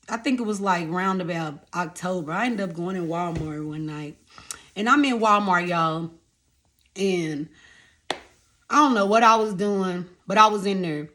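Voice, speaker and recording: Woman, young, vlogger storytelling straight to camera, animated, talks to viewers as y'all, mid-pitched voice. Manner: animated, addresses viewers as y'all, repeats phrases. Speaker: vlogger telling her life story.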